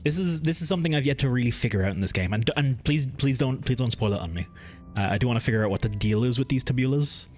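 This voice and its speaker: A man's voice: medium pitch, fast talker, darkish tone, soft background music. A man with a mild Irish accent, chatting casually and rambling while streaming a game, swearing freely. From Ireland. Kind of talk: casual live-stream chat while gaming.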